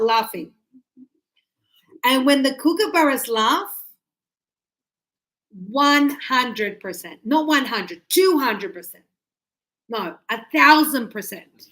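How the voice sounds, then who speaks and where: A woman teaching a class, chatty and animated, acting out birds and her students as she explains. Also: on the high side, slow, long pauses, rough recording. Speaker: English teacher.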